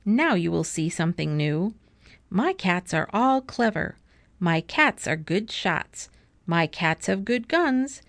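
A big storybook cat who boasts and bosses everyone around, put on by a woman reading aloud. The lines come slowly and showily. The sound is dry and close. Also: fairly low pitch, big pitch swings, no echo, full character voice. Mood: boastful. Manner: showy, boasting, bossy.

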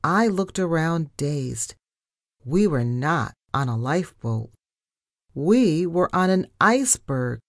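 Woman storyteller for kids, slow and animated reading, dry close mic. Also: low voice, no room sound. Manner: expressive, dramatic narration. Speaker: storybook reader. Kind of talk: children's story read aloud.

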